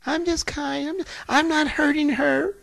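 A preacher voicing a deceptive demon that acts sweet and demure, speaking softly and in a higher voice than his own. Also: steady tone, measured pace, creaky, heavily acted. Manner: soft and coaxing, then defiant and shouting.

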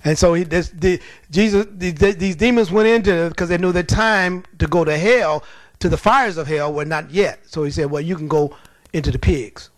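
A man's voice: on the high side, moderate pace, dry recording. A man preaching a sermon, often acting out the voices of demons and laughing at his own stories.

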